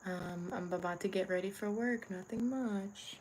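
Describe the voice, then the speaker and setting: A woman's voice: medium pitch, normal speed, darkish tone. Young woman, tired, rambling casual stream chat, phone mic, noisy home room. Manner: tired, rambling, talks to viewers and her dog. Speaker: livestreamer. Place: bedroom at home.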